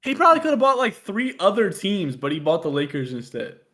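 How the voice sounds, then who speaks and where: Animated young man telling a story. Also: sits high, brisk. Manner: storytelling, laughs at himself, swears freely. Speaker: podcast co-host. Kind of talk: casual chat.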